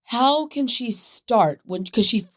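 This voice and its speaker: A woman's voice: fairly high pitch, animated, slow, a bit bright, dry recording, clean studio sound. A woman hosting a casual podcast chat, asking questions and sometimes searching for her words. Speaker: podcast host.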